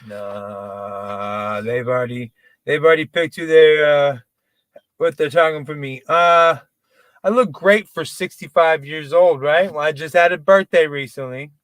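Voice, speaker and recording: A man in his forties works through open mic stand-up in a rambling, self-mocking way, with plenty of swearing. His voice sits a little high for a man. The sound is dry and close, with no room echo. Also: a little slow, a bit bright. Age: 40s. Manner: rambling, self-deprecating, profane. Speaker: stand-up comedian.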